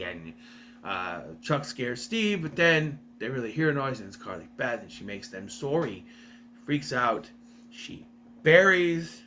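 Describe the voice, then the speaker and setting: A young man talks through a plot recap in a casual, rambling way, often stopping to correct himself. His voice is bright and lively, swinging up and down in pitch, with a faint hum in the background. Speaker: video reviewer.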